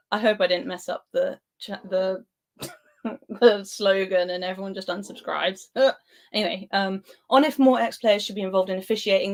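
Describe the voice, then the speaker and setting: A young woman who grew up in Spain, hosting a football live stream in casual, giggly chat and reading viewers' comments aloud. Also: mid-range voice. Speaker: football channel host.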